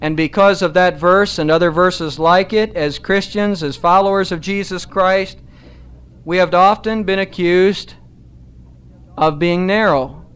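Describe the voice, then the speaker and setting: This sermon comes from a man with a high, clear voice and a resonant tone. He keeps a deliberate, emphatic pace, slowing down to underline important phrases.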